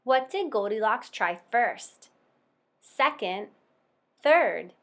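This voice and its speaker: Expressive woman reading a children's story. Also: a little high. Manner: slow, expressive, sing-song. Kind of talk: storybook read-aloud for children.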